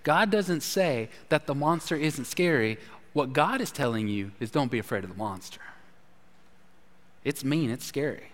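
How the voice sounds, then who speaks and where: A man's voice: mid-range voice, lively intonation, moderate pace. A man preaching a sermon as pastor, emphatic and repetitive, often restarting his phrases. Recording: long hall reverb.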